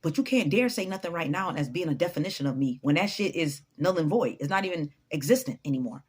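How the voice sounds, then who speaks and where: A woman's voice: low-pitched, lively intonation, fast talker, breathy edge. A woman giving an unscripted motivational talk to her followers, blunt, profane and preachy. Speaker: motivational vlogger.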